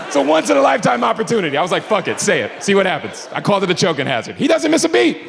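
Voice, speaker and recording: A man on a comedy club stage tells his story with a high, lively voice that carries a gravelly edge. He drops to low mutters and then bursts into shouted punchlines. The live recording has a long reverb tail, and an audience laughs behind him. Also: racing, a crowd in the background, noisy background. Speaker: stand-up comedian. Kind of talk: stand-up storytelling.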